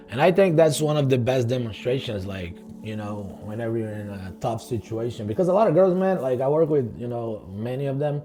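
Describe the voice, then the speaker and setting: A man's voice: medium pitch, mellow. A man casually telling stories from his bartending work, profane and rambling, full of slang. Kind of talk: casual storytelling.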